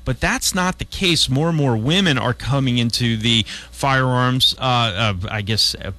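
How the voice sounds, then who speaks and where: A man's voice: medium pitch, measured pace, bright, forceful tone. A man hosting a talk radio show, chatting casually and rambling with frequent restarts. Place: radio studio.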